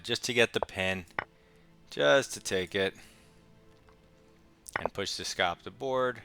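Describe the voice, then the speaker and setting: A young man giving casual, quick play-by-play of his own chess game with wry asides. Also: sits low, expressive, creaky, music in the background. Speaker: chess streamer. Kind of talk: casual live game commentary.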